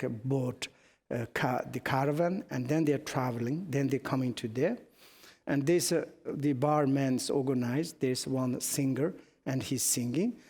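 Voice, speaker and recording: Middle-aged Tibetan teacher in a reverberant hall. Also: male voice, on the high side, a little mellow. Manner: halting non-native English, anecdotal, chuckling. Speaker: Buddhist teacher. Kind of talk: dharma teaching to students.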